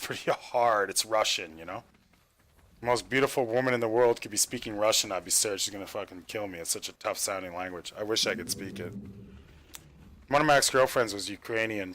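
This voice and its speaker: A young Canadian man streams a game as server admin, chatting casually and rambling with filler and casual swearing. His voice is fairly low in pitch and a bit bright.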